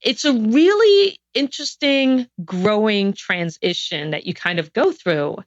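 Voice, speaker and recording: A woman's voice: medium pitch, animated, measured pace, dry recording. A woman guest on a podcast interview, telling a personal story in an earnest, reflective way with frequent restarts. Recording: dull, dry sound.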